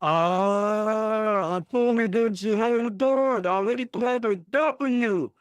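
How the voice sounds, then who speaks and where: A man's voice: high-pitched, takes it slowly, clear, resonant tone, dry recording. A man hosting a fan watchalong, reacting emotionally to a football match with groans and exclamations. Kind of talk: live match reaction commentary.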